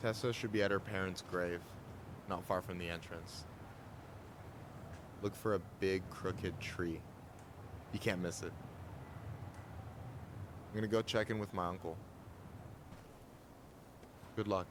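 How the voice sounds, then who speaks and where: Brief: laid-back, breezy young man in a story game; slightly low pitch, noisy background. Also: steady tone, unhurried, long pauses. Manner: breezy, casual.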